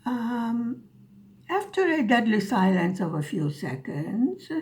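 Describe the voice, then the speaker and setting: Her mid-range voice has a darkish tone as this woman vlogger spins a casual story over her diamond painting, her delivery dry and sarcastic.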